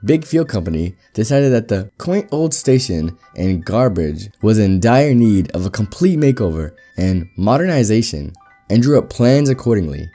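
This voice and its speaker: A man reading an online story aloud in a steady, wry storytelling manner. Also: on the low side, moderate pace, faint music behind. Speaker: story narrator.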